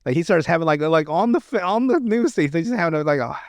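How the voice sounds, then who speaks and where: A man hosting a casual podcast, recounting stories in a loose, rambling way full of swearing and chuckles. His voice sits fairly high for a man. The sound is dry and close, with no room echo. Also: lively intonation, fast talker. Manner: rambling, profane, laughing storyteller. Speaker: podcast host. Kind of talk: casual chat, recapping comedy sketches.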